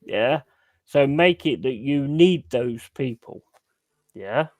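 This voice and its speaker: A man's voice: medium pitch, expressive, slow, a little mellow, no echo. A man hosting a casual chat, blunt and swearing freely. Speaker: host.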